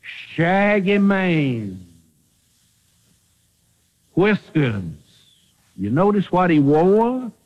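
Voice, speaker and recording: A man preaches with dramatic flair, his voice rising and falling across his whole range as he shifts from ringing declarations to hushed, low asides. He draws out words and pauses often, and the audio sounds dull and muffled like an old radio broadcast.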